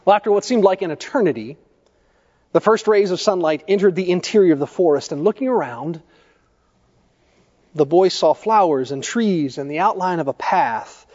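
A male pastor preaching a sermon, telling stories in a measured way and putting questions to the congregation. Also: high-pitched, lively intonation, darkish tone. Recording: echoey church hall, dull lo-fi sound.

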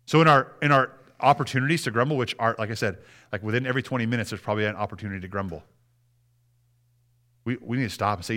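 A man's voice: on the high side, lively intonation, fast, pushed and bright. A man preaching a sermon in a conversational way, often restarting words and acting out prayers. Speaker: pastor.

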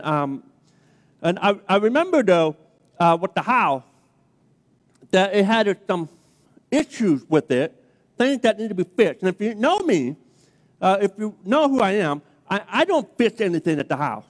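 A man preaching a sermon as a pastor, telling a story in a chatty way, keeps checking in with the crowd, then builds to emphatic preaching. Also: sits high. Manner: chatty storytelling, checks in with "okay?" and "all right?". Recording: long reverb of a large hall.

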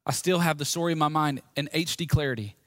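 A man preaching a personal testimony sermon to a room, speaking candidly and swinging between hushed storytelling and loud, emphatic points. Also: a little high, fast talker, dry recording, clean studio sound. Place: room with a live audience.

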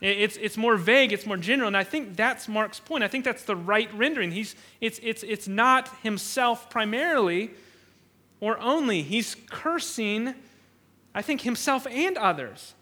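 A man's voice: sits high, animated, moderate pace, pushed and bright. A man preaching an expository sermon who often repeats words while he thinks and acts out the quoted lines. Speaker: pastor.

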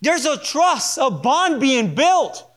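Pastor, male, unusually high voice, earnest emphatic delivery with repetition. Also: sing-song, slow pace, fairly bright tone. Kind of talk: sermon. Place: church sanctuary.

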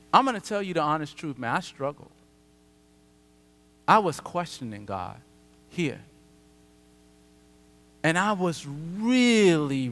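A man pastor preaching a sermon, conversational and animated with dramatic pauses. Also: a little high. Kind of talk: sermon with personal storytelling. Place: church sanctuary. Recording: long church hall reverb.

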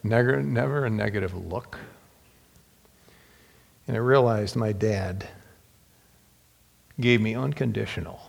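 A middle-aged man preacher telling personal stories in a sermon, halting and heartfelt, with repeated words and whispers on tender lines. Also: fairly low pitch, vocal fry. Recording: long hall reverb.

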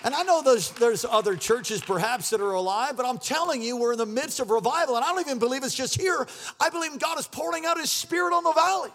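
A man preaching an energetic sermon as pastor, shouting and leading the congregation in call-and-response. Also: very high-pitched, quick pace. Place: church sanctuary.

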